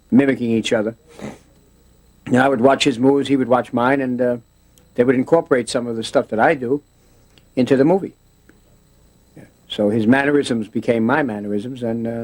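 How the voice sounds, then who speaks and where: A man's voice: mid-range voice, darkish tone. A man in a casual interview, telling stories in a rambling way with many restarts, often slipping into voices.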